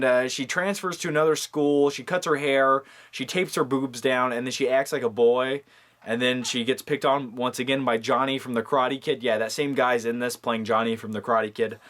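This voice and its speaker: A man's voice: mid-range voice, fairly bright tone. A man in a casual, comedic movie vlog, jokey and rambling with lots of fillers. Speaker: movie vlogger.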